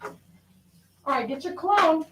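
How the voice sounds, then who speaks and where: A woman's voice: very high-pitched, lively intonation, slow pace, fairly bright tone, a little hiss or hum. A woman dog groomer on a live stream, cooing affectionately as she talks to a dog. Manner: cooing, affectionate talk to a pet.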